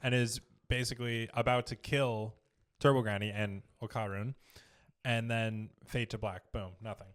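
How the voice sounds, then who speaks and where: A man co-hosting a casual podcast, talking at an ordinary pitch. His storytelling is loose and rambling, packed with fillers and cheerful swearing. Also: steady tone, moderate pace. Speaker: podcast co-host. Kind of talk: casual chat.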